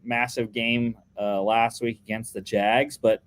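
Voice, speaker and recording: A man's voice: medium pitch, flat delivery, unhurried. A young man co-hosting a casual sports podcast, chatting through his football picks with lots of fillers and restarts.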